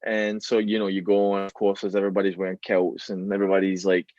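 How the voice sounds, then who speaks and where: Glaswegian guy rambling casually, lowish voice, dry dull sound. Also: monotone, quick pace, darkish tone, no echo. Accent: Glaswegian Scottish. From Scotland. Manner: rambling, many fillers and restarts. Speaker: podcast guest. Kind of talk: casual chat.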